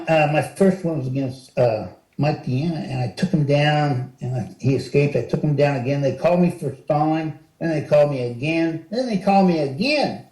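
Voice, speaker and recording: In a casual storytelling interview, a retired wrestler in his sixties recounts tales animatedly as the guest, raising his pitch whenever he acts out what someone said. The room gives off a noticeable echo.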